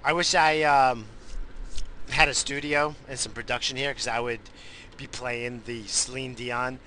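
High guy rambling and cussing nonstop, bright tense voice, faint car noise behind. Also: fairly even intonation, measured pace. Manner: profane, rambling, easily distracted. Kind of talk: rambling casual monologue.

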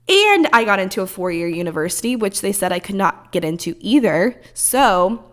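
A woman's voice: mid-range voice, very animated, moderate pace, hardly any pauses. A woman in her early twenties hosting a podcast in a casual, rambling way, swearing freely as she talks. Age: early 20s. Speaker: podcast host.

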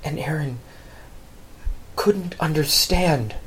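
A man's voice: a little slow, a little hiss or hum. A male pastor telling a Bible story dramatically in a sermon. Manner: dramatic, expressive storytelling with big pitch swings.

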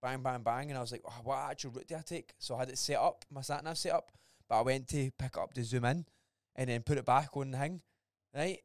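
Rapid Scottish young man. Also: medium pitch, no room sound, clean studio sound. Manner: animated, sweary, repeats words. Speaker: podcast co-host. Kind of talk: casual chat.

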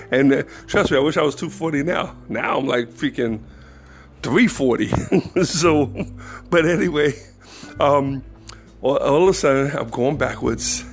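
Man, podcast host, casual storytelling, slangy, self-mocking, laughs a lot, gravelly voice. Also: a little high.

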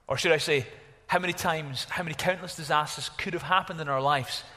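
A man preaches a sermon in a reverberant church hall. His voice is fairly high and bright. He is animated, exclaiming at times and dropping to a hush at others. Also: fairly quick. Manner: animated, exclaiming, varies from loud to hushed. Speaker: pastor.

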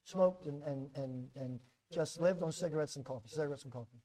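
A middle-aged American pastor delivering a sermon in a fairly high voice. He often repeats words as he builds a point, and he moves between loud emphasis and quiet, measured passages.

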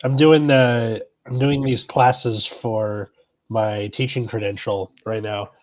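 A man's voice: mid-range voice, level tone, slow, a little mellow, highs cut off, slight background noise. A man in casual podcast chat, joking around and laughing often.

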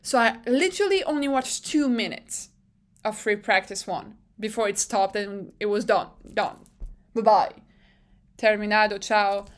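A woman's voice: medium pitch, moderate pace. Giggly young French woman chatting. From France. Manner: giggly and animated, swears casually, lots of fillers. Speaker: vlog host. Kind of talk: casual chatty recap.

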